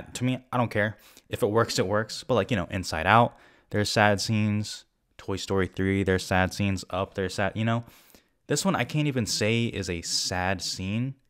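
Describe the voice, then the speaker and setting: Rambling young man reviewing a film. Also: fairly low pitch. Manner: rambling and excitable, with frequent fillers and swearing. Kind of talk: casual spoken movie review.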